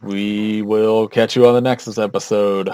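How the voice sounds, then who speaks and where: A man's voice: on the low side, level tone, a little slow, mellow, smooth, no echo. A young man co-hosting a podcast in casual chat, rambling with fillers and laughing often. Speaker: podcast co-host.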